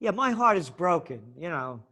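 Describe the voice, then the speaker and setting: A man's voice: high voice, big pitch swings, normal speed, bright, forceful tone. A man speaking as a podcast guest in a fiery, ranting, sarcastic way. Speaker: guest, trends forecaster. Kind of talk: impassioned podcast interview.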